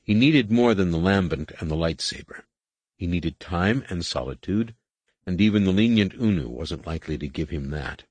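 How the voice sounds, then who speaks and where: A man narrating an audiobook in steady, measured scripted narration. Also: deep voice, husky, no room sound.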